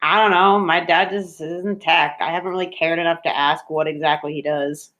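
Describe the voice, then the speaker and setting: A woman's voice: deep voice, fairly even intonation, a little fast, fairly bright tone, muffled recording. A woman playing an evasive, dismissive teenage girl. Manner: dismissive, shrugging.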